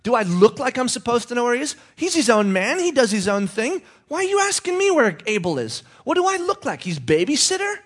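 A defensive, sarcastic young Cain, acted by a male preacher fires back rhetorical questions. The voice is pushed high and loud, well above the preacher's own. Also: big pitch swings, fairly quick, few pauses, husky, exaggerated voice. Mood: indignant.

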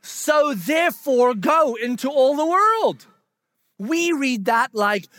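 High-voiced man preaching casually. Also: slow pace, dry recording. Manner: conversational, animated, acts out quotes in voices. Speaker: pastor. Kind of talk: sermon.

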